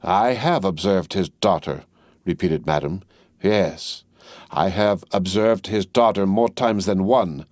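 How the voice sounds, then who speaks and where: A man voicing a hard, stern woman wine-shop keeper, speaking slowly and coldly in an audiobook. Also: low-pitched, steady tone, a little mellow, no echo, studio quality, lightly acted. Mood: contemptuous. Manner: stern, cold, repeats herself slowly.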